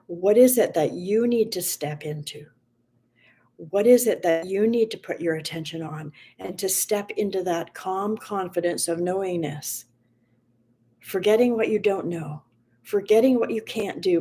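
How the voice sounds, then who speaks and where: A woman hosting a motivational livestream, reading an inspirational story in a gentle, slow manner and softening at times almost to a whisper. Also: fairly low pitch, breathy edge.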